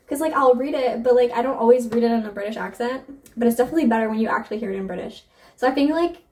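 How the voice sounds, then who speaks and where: A woman's voice: fairly high pitch, a little mellow, far from the mic. A young adult woman chatting casually about books, gushing and filling her talk with "like". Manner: gushing, filler-heavy "like" talk. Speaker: book vlogger. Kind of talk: casual chat to camera.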